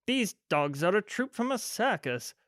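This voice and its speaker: A man voicing a flustered, kindly gentleman who exclaims in bewilderment in a storybook reading. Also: high-pitched, very animated, unhurried, no room sound, clean studio sound, pitched above the performer's own voice, full character voice. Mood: puzzled. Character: older gentleman, flustered, kindly dog owner.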